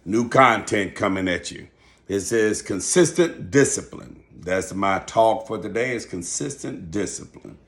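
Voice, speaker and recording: An older man, a school teacher and channel host, telling a story in a calm, measured, preachy way. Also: fairly low pitch. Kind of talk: casual talk to camera.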